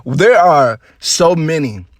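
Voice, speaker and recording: A man's voice: a little high, animated, slow pace, no room sound, studio quality. A man giving casual, rambling commentary on celebrity news, laughing often and repeating himself.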